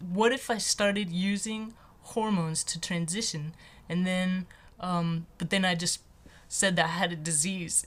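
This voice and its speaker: A transgender man who is not on hormones, with a voice in a typical female range, talking in a casual vlog monologue. He muses in a halting, light-hearted way with many fillers. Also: high-pitched, fairly bright tone. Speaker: vlogger.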